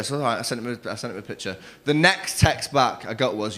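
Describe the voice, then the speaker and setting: A young man doing a crude, cheeky stand-up set on a comedy club stage, acting out other people in quick quoted voices. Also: medium pitch, lively intonation, a bit bright. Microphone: stage microphone.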